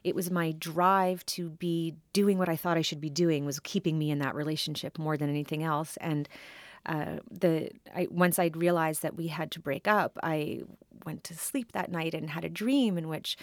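A woman in her forties, a writer being interviewed, talking in a thoughtful, halting way with frequent restarts. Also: deep voice, fairly even intonation, no echo, studio quality. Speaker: writer and guest. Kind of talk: conversational interview.

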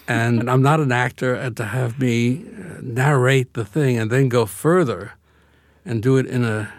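A man's voice: medium pitch, no echo, clean studio sound. An older man from Brooklyn, speaking as an interview guest in a reflective, wry way. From Brooklyn, USA. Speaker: guest author. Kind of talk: casual interview conversation.

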